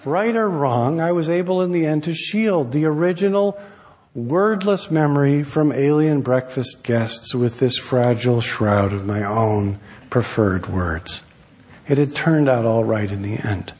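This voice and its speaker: A man, an author, reading his own essay aloud in a wry, measured storytelling manner. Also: mid-range voice, darkish tone, husky, long reverb tail. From United States.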